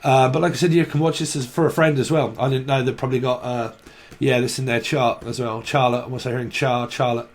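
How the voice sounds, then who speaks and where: A man's voice: mid-range voice, steady tone, quick pace. Rambling man reading tarot. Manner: rambling, blunt, swears freely. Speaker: tarot reader. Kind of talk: casual tarot reading monologue.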